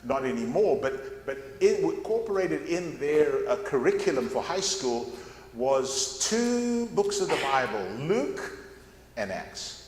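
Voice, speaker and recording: A man's voice: fairly high pitch, big pitch swings, takes it slowly, darkish tone, echoey room, in a large hall. An older man giving a folksy, rambling Bible class talk, often repeating words as he goes. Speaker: guest speaker at a Bible class. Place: church classroom.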